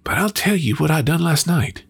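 A man's voice: a little high, animated, normal speed, creaky, breathy edge, pitched above the performer's own voice, exaggerated voice. A man voicing Jack, a poor young orphan boy from the mountains who talks in a folksy country way. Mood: plucky, easygoing. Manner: folksy rural country talk.

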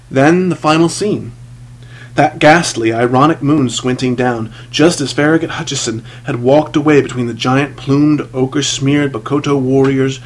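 A man's voice: medium pitch, slightly rough, low-quality recording. A man narrating a story from a script, with dramatic, shifting emphasis. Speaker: audiobook narrator.

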